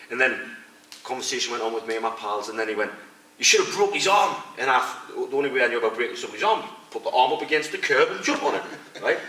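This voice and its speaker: Rapid-fire and medium in pitch, the interviewee bluntly relates fight stories, animatedly quoting what others said. He's a middle-aged retired fighter and coach, heard in a casual interview through a distant mic in an echoey room with faint noise.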